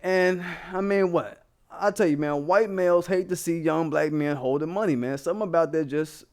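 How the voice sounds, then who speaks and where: A man delivers a heated, profanity-laced rant, talking straight to his viewers. His voice sits a bit high for a man, and he keeps it blunt and casual throughout. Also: normal speed. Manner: blunt, heated, swearing constantly, addressing viewers directly. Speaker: commentary channel host.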